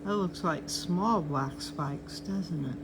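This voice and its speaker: An older woman with a low-sitting voice hosts a chart update show, speaking slowly over background noise. She chats cheerfully and casually while reviewing the charts, talking sweetly to her cats along the way.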